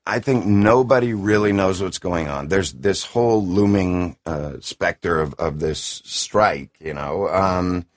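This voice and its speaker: A middle-aged man with a deep classic announcer voice, a video game voice actor chatting enthusiastically and rambling in an interview. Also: unhurried, few pauses. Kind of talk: casual interview chat.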